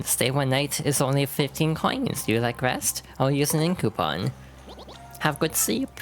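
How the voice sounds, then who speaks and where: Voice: medium pitch, fairly bright tone. A streamer voicing Bob-omb townsfolk from a video game with a put-on foreign accent and clipped, broken grammar, reading the dialogue aloud.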